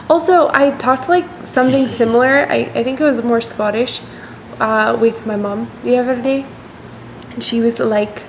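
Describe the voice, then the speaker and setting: A woman's voice: a little high, fairly even intonation, moderate pace, slight background noise. A woman streamer chatting casually while painting miniatures, rambling and slipping into playful accents.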